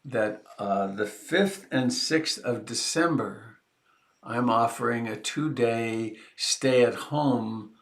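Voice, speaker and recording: A man hosting a meditation group over a video call, chatting casually in an unhurried, rambling and joking way. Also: medium pitch.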